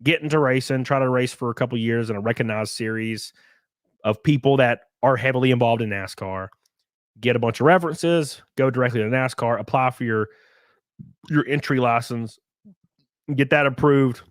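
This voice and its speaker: On a casual livestream, a medium-pitched man reads out viewer super chats at a moderate pace, cursing and ranting along the way. He mimics critics in exaggerated voices to mock them. The audio is clean studio sound with no room echo.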